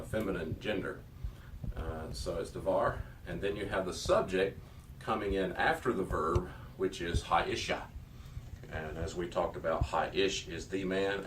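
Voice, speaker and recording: A man's voice: low-pitched, far from the mic, a little hiss or hum. A man teaching a Hebrew reading lesson to a class, explaining patiently with many fillers.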